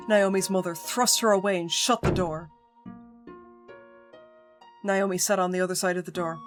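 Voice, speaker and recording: A woman's voice: medium pitch, moderate pace. Woman streamer reading a visual novel aloud. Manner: expressive reading, joking asides. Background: game music.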